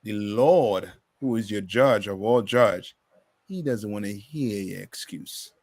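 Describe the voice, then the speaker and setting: A man's voice: lowish voice, takes it slowly, a little mellow, no room sound. A man teaching a bible class in a preaching style, emphatic and full of rhetorical questions.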